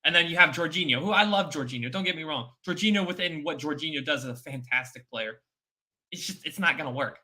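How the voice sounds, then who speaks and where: Bright, emphatic fan pundit. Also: male voice, a little high, fast. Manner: emphatic, opinionated, repeats points. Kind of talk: casual post-match chat.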